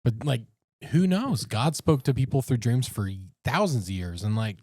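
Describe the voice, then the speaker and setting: A man in his thirties co-hosting a podcast, telling stories in an animated, casual way. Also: medium pitch, normal speed, dry recording, clean studio sound. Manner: animated storyteller, says "dude" often. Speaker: podcast co-host. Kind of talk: casual chat.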